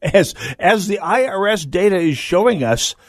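Animated man hosting political talk radio. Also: high-pitched, moderate pace, dry recording, studio quality. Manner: animated, emphatic, frequent restarts. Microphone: studio microphone.

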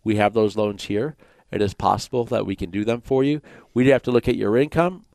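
A man's voice: fairly low pitch, brisk, creaky, darkish tone, no room sound. A man with a Michigan accent hosting a radio mortgage show, explaining loans in a plainspoken way with jokes mixed in. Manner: plainspoken, joking between explanations. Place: radio studio.

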